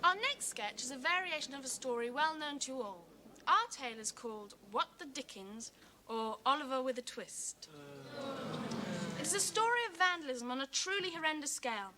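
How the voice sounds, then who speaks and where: An actress playing a pupil who compères a school revue in a grandiose showbiz manner. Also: female voice, sits high, expressive, moderate pace, noisy background. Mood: announcing. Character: pupil girl compering a school revue, theatrical. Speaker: compere of a school show. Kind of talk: 1980s TV drama acting.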